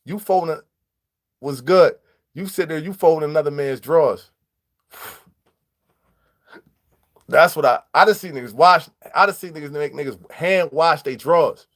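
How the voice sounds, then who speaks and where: Man, casual storytelling vlog, lively street slang, a bit high-pitched. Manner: animated street slang, acts out quoted dialogue, greets live viewers. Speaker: vlogger.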